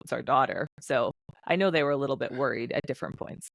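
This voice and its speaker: Woman in her 30s, lively storyteller on a podcast, dry close mic. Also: a bass voice, gravelly, no echo. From United States. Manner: animated storyteller, quick bursts, acts out quotes. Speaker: podcast guest, former fighter pilot. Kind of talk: casual interview conversation.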